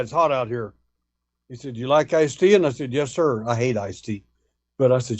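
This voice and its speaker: A man's voice: medium pitch, a little fast, a little mellow. Folksy man spinning a story. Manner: folksy, acts out dialogue in retelling. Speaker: guest, alien abduction researcher. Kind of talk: storytelling anecdote.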